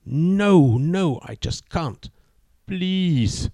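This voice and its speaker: A man's voice: fairly high pitch, lively intonation, extremely slow, warm tone, no echo, clean studio sound, voice pushed up, heavily acted. A man voicing a nervous young woman who keeps refusing her date's pleas for a kiss, in a spoken joke. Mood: alarmed pleading. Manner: pleading, protesting.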